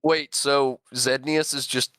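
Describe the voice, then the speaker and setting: A man's voice: mid-range voice, slow, clear, resonant tone. A man playing in a tabletop game, chatting casually with lots of questions and some swearing. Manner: lively, curious, swears. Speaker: player.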